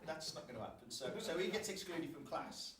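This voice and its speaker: A man telling a lively personal story at a church gathering, laughing often. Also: fairly high pitch. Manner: animated, laughs often, fast and chatty. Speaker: church member sharing a story. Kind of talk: casual storytelling testimony. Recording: echoey hall from a distance, faint noise.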